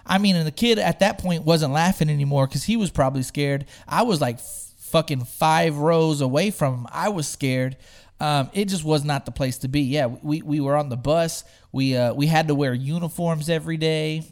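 Young man, gravelly voice, high pitch, animated storyteller, swears a lot. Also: normal speed. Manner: animated storyteller, swears freely, acts out loud quoted voices. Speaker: storyteller guest. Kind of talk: casual podcast chat.

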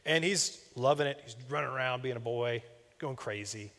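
With a mid-range, fairly bright voice at normal speed, a young man who serves as a campus minister delivers a sermon. He talks conversationally, telling personal stories and slipping in asides, while a large church hall adds long reverb.

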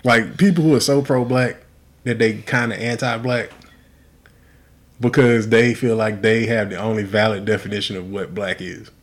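A man co-hosting a casual podcast, talking emphatically and with lots of profanity, rising to loud exasperation. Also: lowish voice, steady tone, moderate pace. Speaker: podcast co-host.

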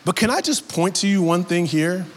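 A man preaching a sermon as pastor, in a casual and animated way that builds to emphatic peaks. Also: high voice, normal speed, in a large hall.

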